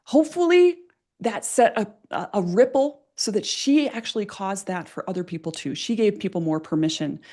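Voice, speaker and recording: A woman presenting at a workshop, telling a personal story in a lively way, laughing often and using many fillers. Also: medium pitch, normal speed, few pauses.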